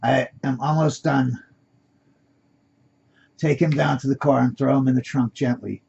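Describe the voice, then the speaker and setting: A man's voice: medium pitch, steady tone, a little slow, gravelly, darkish tone, slightly rough, full character voice. A man voicing a bossy male kidnapper in a black mask, curtly giving orders, on a dull lo-fi recording.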